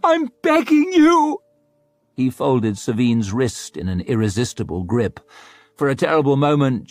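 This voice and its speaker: A man narrating an audiobook in a dramatic, expressive storytelling manner. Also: lowish voice, dry recording.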